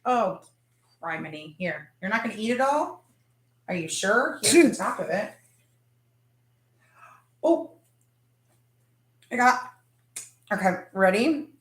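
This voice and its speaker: A woman hosting a casual live chat from her kitchen, excitable and gushing about food. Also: medium pitch, measured pace, pauses often, echoey room. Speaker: livestream host.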